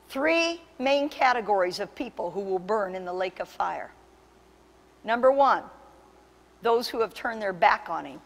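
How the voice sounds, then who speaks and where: Impassioned woman pastor preaching in a hall. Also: medium pitch. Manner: impassioned preaching, rising to loud emphatic peaks. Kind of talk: sermon. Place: church sanctuary.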